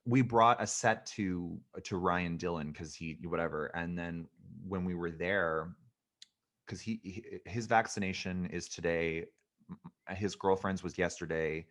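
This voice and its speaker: Canadian comic guy, lowish voice, campy and animated, podcast guest chat. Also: measured pace. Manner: campy, animated, self-mocking storyteller. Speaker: guest comedian.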